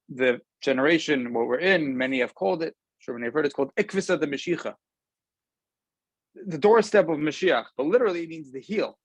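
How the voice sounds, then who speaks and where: A man, a rabbi, giving a casual weekly Torah talk over a video call, speaking conversationally and often pausing with ums. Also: a little high, slightly rough, no room sound, low-quality recording. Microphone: video call camera.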